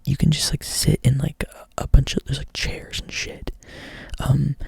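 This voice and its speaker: A man's voice: mid-range voice, level tone, normal speed, gravelly, a little mellow, slightly rough, dry recording. A young man doing whispered ASMR storytelling up close to the mic, rambling casually and swearing a lot. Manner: rambling, profane, filler-heavy casual talk. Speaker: ASMR creator.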